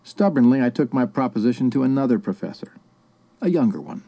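A man giving a measured, reflective first-person audiobook narration. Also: medium pitch, sing-song, gravelly, mellow.

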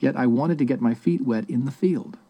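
A man giving a measured, reflective first-person audiobook narration. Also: medium pitch, dark tone.

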